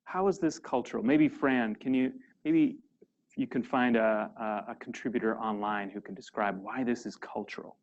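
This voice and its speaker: A man's voice: medium pitch, steady tone, normal speed, highs cut off. A man presenting a workshop seminar to a live audience, conversational and full of questions to the room.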